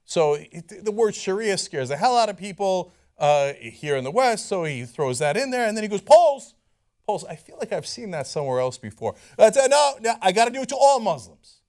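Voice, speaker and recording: A man hosting political commentary in a sarcastic, incredulous, animated way. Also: high-pitched, fairly quick.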